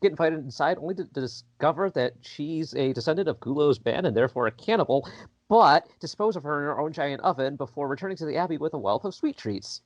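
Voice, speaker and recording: A man who works as a librarian, chatting playfully on a book podcast and spinning quick jokey stories. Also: a little high, animated, dry recording. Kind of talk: casual book-club chat.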